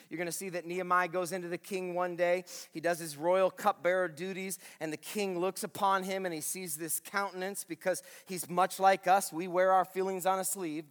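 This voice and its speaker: A man preaching a sermon as pastor, animated and emphatic, repeating his phrases and swinging from loud exclaiming to hushed intensity. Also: high-pitched, long reverb tail.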